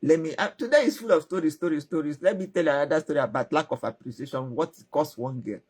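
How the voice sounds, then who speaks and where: A woman with a Nigerian accent telling stories and giving relationship advice, animated and asking the listener questions. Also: low voice, quick pace, breathy edge. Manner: animated, repeats words, asks the listener questions. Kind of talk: storytelling advice talk.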